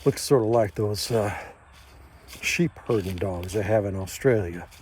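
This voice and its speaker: A man's voice: fairly low pitch, a little mellow, slight background noise. Plainspoken older man telling a story. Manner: slow, measured, plainspoken, folksy. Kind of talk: first-person spoken storytelling.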